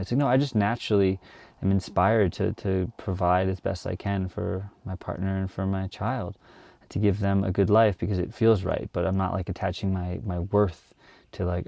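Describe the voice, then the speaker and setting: A young man with a low, gravelly voice muses earnestly about fatherhood in a casual monologue. He searches for words with many fillers and restarts, his tone mellow and close. The sound is dry. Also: little pitch movement, brisk, no room sound. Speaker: vlogger, new father. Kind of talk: reflective casual monologue to camera.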